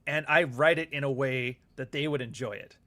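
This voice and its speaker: A man's voice: medium pitch, moderate pace, pushed and bright. A man hosts a loose, rambling livestream chat with a mid-range voice. He swears freely and drifts between topics, breaking into laughter and reading out viewer comments as he goes. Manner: rambling and profane, with frequent laughs; reads viewer comments aloud. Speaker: author and livestream host.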